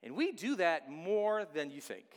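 A man preaching a sermon as pastor, repeating key phrases with animated delivery. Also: fairly high pitch, measured pace, big-room sound.

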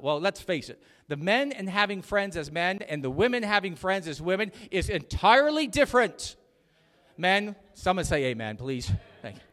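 Lively-voiced pastor preaching in a hall. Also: male voice, high-pitched, normal speed. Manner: chatty, jokey preaching with audience call-outs. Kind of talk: sermon. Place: church sanctuary. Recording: long hall reverb.

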